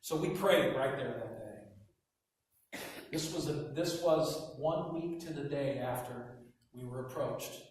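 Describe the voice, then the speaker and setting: A man preaching a sermon as pastor, telling stories with quiet asides and loud emphatic bursts. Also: medium pitch, slight background noise. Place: church hall. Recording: echoey hall from far off.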